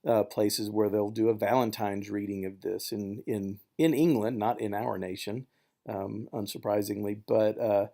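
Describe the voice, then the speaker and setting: A man giving a recorded poetry lecture to a class, relaxed and thinking aloud with fillers, sometimes tapping out rhythms with nonsense syllables. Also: on the low side, normal speed, gravelly. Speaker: literature instructor.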